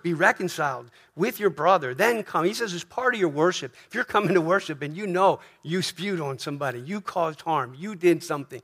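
A middle-aged man delivers a sermon in an earnest, conversational way. His voice sits a touch high. He often checks in with the listener and restarts his phrases mid-thought. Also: fairly bright tone. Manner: earnest, conversational preaching with frequent "right?" asides and restarts. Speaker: pastor.

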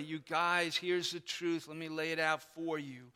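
A pastor preaches to his congregation, his voice pitched high and bright. He explains with animated emphasis. The church hall gives his words a long reverb. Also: normal speed, few pauses, clear, resonant tone. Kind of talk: sermon. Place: church sanctuary.

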